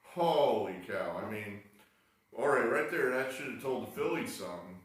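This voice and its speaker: A man's voice: medium pitch, animated, moderate pace. A man hosting his own sports video, talking in a rambling, exasperated way with wry asides while smoking a cigar. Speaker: sports betting video host. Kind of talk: rambling casual monologue. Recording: very echoey room, mic far off.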